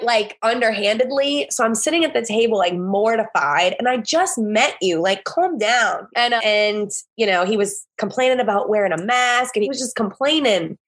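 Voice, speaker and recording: Husky-voiced Southern woman telling stories. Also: mid-range voice. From American South. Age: 30s. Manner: animated, exasperated, laughing storyteller. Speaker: podcast guest. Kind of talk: casual storytelling chat.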